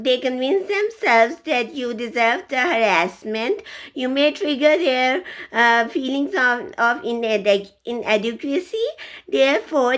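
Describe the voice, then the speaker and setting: Middle-aged woman doing a rambly vlog rant, lots of stops and restarts, voice on the higher side. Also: fairly bright tone. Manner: halting, stops often to restart. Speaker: vlogger. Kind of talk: casual ranting monologue.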